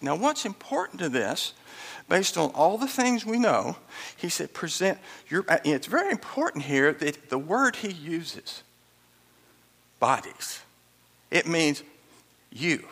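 A man's voice: a little high, vocal fry, a bit bright, long reverb tail. A man preaching an expository sermon, emphatic and pleading, with chuckles and asides to the congregation. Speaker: pastor.

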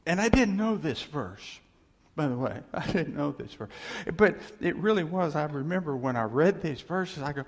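Gravelly, higher-voiced male preacher. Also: expressive, moderate pace, big-room sound. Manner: earnest, conversational preaching with repeated phrases. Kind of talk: sermon.

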